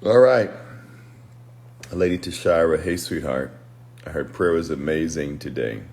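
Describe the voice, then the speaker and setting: A man's voice: a bass voice, unhurried, a little mellow. A man who is a pastor and deliverance minister, giving a reflective late-night livestream talk and greeting viewers by name between his thoughts.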